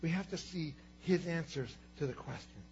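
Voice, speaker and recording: Male pastor, fairly high voice, animated sermon delivery swinging loud and soft; muffled recording, light hum. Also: normal speed, faint music behind. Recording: dull sound with faint hum.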